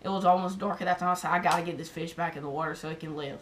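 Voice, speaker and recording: A woman with a Southern US accent, a fishing vlogger telling a story to camera in an excited, rambling way, with a heavy use of "like". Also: lowish voice, very fast, a little hiss or hum.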